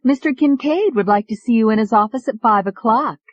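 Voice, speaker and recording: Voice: mid-range voice, brisk, dry recording, muffled recording, pitched above the performer's own voice, lightly acted. A male narrator voicing a cheerful young female secretary who speaks in a bubbly way. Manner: bright, bubbly.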